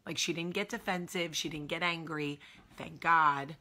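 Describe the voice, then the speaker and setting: A woman's voice: sits low, fairly even intonation, normal speed, pushed and bright. A woman in her thirties with a New Jersey accent, hosting a candid personal vlog in an emotional, confessional way. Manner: emotional, confessional, emphatic repetition. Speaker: show host.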